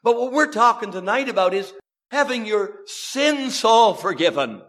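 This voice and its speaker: A man preaching an evangelistic sermon, switching between loud emphatic lines and low, quiet asides, and spelling words out slowly for emphasis. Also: lively intonation.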